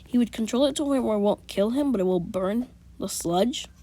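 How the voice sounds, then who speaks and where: A woman's voice: a little high, a little fast, warm tone. A woman casually telling a made-up fan story, rambling with restarts and whispered asides.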